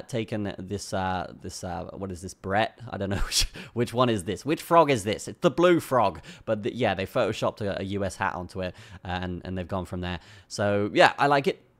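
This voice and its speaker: A man's voice: lowish voice, lively intonation, moderate pace. A tired man hosting a casual crypto chart walkthrough, ending his points with "okay?" and "all right?" and repeating his own phrases. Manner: keeps tagging lines with "okay?" and "all right?". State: tired from a long day. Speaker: crypto trading channel host. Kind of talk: casual screen-recorded chart analysis.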